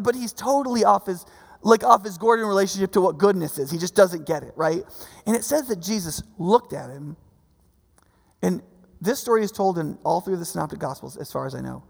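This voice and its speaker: A male pastor preaching a conversational sermon, animated and acting out the voices of the people in his story. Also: high voice, gravelly, big-room sound. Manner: conversational, animated, acts out quotes.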